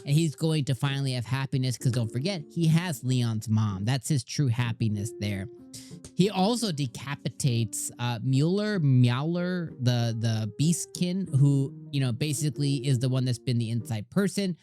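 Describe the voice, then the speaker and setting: Excitable man gushing over anime. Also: mid-range voice, moderate pace, faint music behind. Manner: excitable, gushing fan talk with rambling restarts. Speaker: anime reviewer and channel host. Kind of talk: casual anime reaction commentary.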